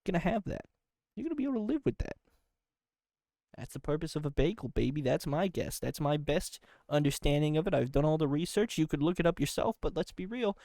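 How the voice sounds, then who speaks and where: A sleepy man hosts a comedy podcast, rambling through an absurd monologue and tripping over repeated words. His pitch jumps around with lively swings. The recording is dry and close, with no room in it. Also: no echo. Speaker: podcast host.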